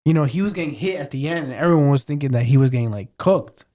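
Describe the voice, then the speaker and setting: Young man excitedly retelling movie scenes. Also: mid-range voice, fast. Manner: animated storyteller, acts out scenes. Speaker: podcast co-host. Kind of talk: casual chat.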